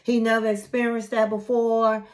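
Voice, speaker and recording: A woman's voice: on the high side, level tone, normal speed, darkish tone. Chatty woman recapping reality TV. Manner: chatty, opinionated, retells scenes in quotes. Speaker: recap channel host. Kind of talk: casual TV recap commentary.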